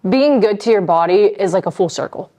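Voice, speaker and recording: A woman's voice: medium pitch, brisk. A young woman guest on a podcast, talking casually and earnestly, repeating her points. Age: young adult. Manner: relaxed, earnest, repeats phrases. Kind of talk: casual chat.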